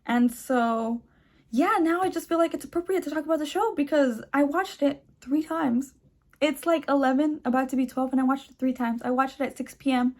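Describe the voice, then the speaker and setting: A young woman with a somewhat high voice talks through her reactions in a loose, rambling way, dropping "like" and "um" as she goes. She sounds eager and chatty, speaking into a phone at home late at night. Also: moderate pace. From Mexican heritage. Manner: chatty, filler-heavy, enthusiastic. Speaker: channel host. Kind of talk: casual reaction vlog.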